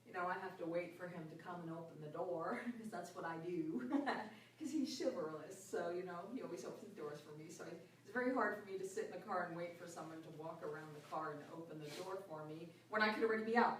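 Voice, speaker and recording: Middle-aged woman, lively group storyteller, laughs often, recorded far off in a very echoey room. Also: on the low side, fast. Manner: animated, laughs often, acts out voices in her story. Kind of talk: personal storytelling in a group talk.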